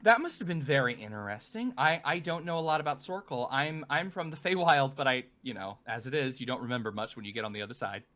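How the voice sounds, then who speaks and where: A man voicing a gentle, motherly woman cleric from the Feywild with a sweet, coaxing manner. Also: rumbling low, lively intonation, quick pace, few pauses. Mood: chatty.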